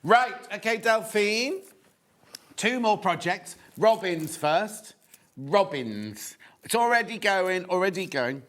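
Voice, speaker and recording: A man hosting a live TV shopping show, chatty and excitable, with lots of asides. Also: high voice, slow. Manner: chatty and excitable, full of asides and sales counts. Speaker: shopping channel presenter. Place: TV studio.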